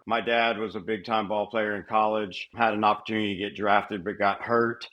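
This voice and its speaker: Bright-voiced Texan man telling stories. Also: medium pitch. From Texas. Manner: relaxed storytelling. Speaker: baseball coach, guest. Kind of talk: casual interview answers.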